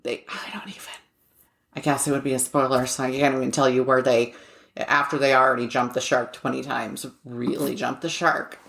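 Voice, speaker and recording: A woman's voice: extremely low pitch, steady tone, moderate pace, vocal fry, fairly bright tone. A woman co-hosting a podcast in casual chat, laughing often and swearing now and then. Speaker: podcast co-host.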